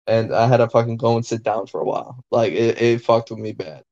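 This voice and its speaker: A podcast co-host tells a wild story in casual chat, his medium-pitched voice running a little fast. He's excitable and profane, piling on fillers. The sound is lo-fi.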